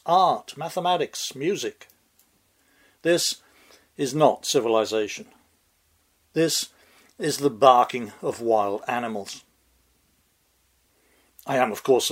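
A man delivering scripted satirical commentary in a dry, deliberate, sardonic manner. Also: mid-range voice, slightly rough. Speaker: commentary host.

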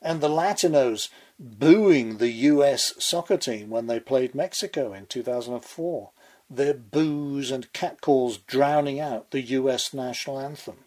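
A man's voice: mid-range voice, expressive, a little slow, a little mellow. A man delivering a scripted political commentary monologue with sardonic, sarcastic asides.

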